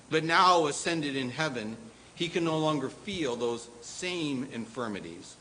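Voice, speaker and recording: A middle-aged male pastor delivering a sermon at an unhurried, measured pace. His voice sits a little high and has a bright, forceful edge. He leans hard on key words for emphasis. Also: slight background noise, poor audio. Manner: slow, deliberate preaching with emphatic rises.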